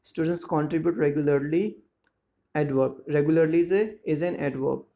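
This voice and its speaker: A man teaching a school lesson, explaining words slowly and checking that students follow. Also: fairly high pitch, steady tone, vocal fry, warm tone. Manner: slow, repetitive explaining with frequent check-ins. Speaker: English teacher. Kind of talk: classroom lesson explaining grammar and syllables.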